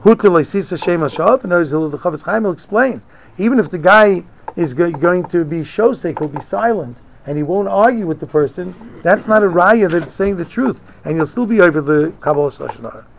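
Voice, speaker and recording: A man's voice: high-pitched, lively intonation, brisk, gravelly, a little hiss or hum. A man teaching a religious text, reading Hebrew phrases and explaining each one in casual English. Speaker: Torah teacher. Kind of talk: Talmudic-style lesson, reading and translating.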